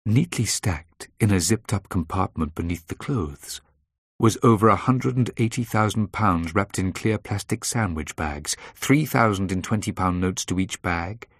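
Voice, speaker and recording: A man reading a first-person thriller aloud in a measured, dry storytelling manner. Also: sits low, animated, no echo. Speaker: audiobook narrator.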